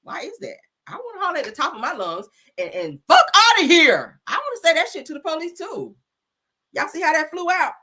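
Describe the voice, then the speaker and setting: A woman host, giving profane, animated commentary, laughing often and mimicking people. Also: very high voice, fast. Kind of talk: casual talk-show commentary.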